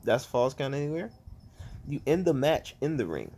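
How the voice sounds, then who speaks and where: A man vents in a casual vlog review, animated and quick to swear. His pitch sits mid-range for a man but swings widely from line to line, and the exasperation keeps spilling over. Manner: animated, profane, exasperated ranting. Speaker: wrestling fan vlogger.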